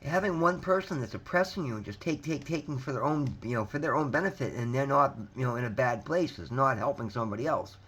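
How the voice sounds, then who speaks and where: A motivational vlogger speaks to camera in a casual, earnest self-help monologue, calling his viewers "guys," swearing freely and repeating himself. His medium-pitched voice is husky and a bit bright, lively in intonation, and he talks fast with few pauses.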